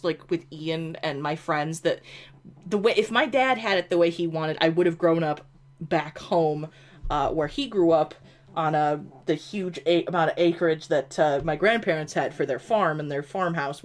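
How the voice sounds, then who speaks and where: A woman with an upstate New York accent, chatting casually and ramblingly on a gaming stream. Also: on the low side. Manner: rambling, full of "like", laughs easily. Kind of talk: casual chat while gaming.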